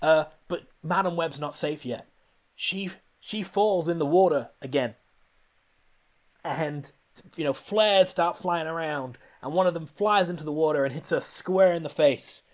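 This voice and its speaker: A man's voice: a little high, measured pace. A man hosting a podcast, recapping a film in casual comedic chat, rambling and laughing often.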